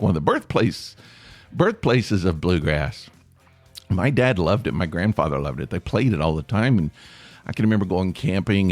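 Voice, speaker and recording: A man's voice: low voice, dry recording. A man from East Tennessee with an East Tennessee accent, hosting a solo podcast in a rambling, self-deprecating way and asking listeners for feedback. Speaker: podcast host.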